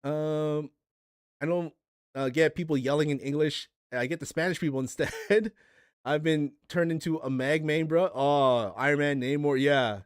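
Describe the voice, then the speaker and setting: A man's voice: a little high, fairly even intonation, normal speed, clear, resonant tone. A man hosting a livestream, ranting casually and profanely, with rambling restarts. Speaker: streamer and podcast host.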